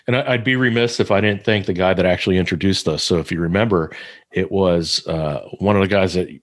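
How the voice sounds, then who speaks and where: A man's voice: deep voice, fairly quick, no room sound, studio quality. A man co-hosting a podcast interview, friendly and a little rambling, with plenty of fillers. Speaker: podcast co-host. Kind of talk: casual interview talk.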